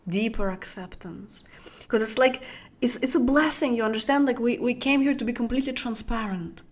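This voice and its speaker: Female spiritual coach, first language Russian, soft flowing teaching talk, searching restarts, often hushed. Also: fairly high pitch. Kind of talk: intimate teaching talk to an audience.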